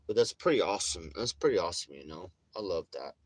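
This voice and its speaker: A man's voice: deep voice, expressive, quick pace, husky, no echo. A man chatting casually on a livestream in a rambling, profane way, with frequent laughs, while getting over a chest illness. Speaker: vlogger.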